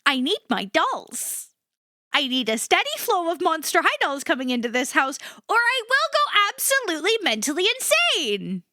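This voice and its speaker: A woman streamer chats casually, ranting and swearing in a joking, self-mocking way. Her voice is bright and high and moves around a lot. The sound is close and dry, with no room echo. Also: sing-song, normal speed. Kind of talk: casual chat.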